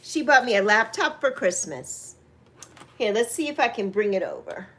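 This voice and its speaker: High-voiced chatty woman in her sixties. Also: sing-song, moderate pace, pushed and bright. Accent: New York. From New York. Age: 60s. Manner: chatty, teasing, laughs often. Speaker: livestream host. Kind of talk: casual livestream chat to viewers.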